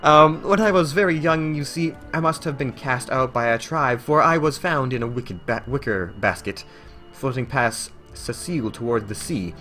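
A man's voice: medium pitch, moderate pace, bright, forceful tone, soft background music, pitched above the performer's own voice, natural voice. A man voicing a dignified female orc librarian in a video game, speaking in formal, old-fashioned phrasing and sometimes stumbling over the words. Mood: earnest. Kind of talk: voicing game dialogue aloud.

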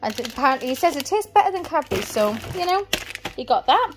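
A mom with a high, sing-song voice rattles quickly through her groceries item by item in a chatty home vlog, a little out of breath. There's heavy background noise in the indoor family setting.

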